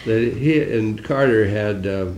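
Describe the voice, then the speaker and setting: A man's voice: lowish voice, takes it slowly, a little mellow, reverberant, slight background noise. An older man, a senator, giving a musing political talk with dry, wry humor and taking audience questions.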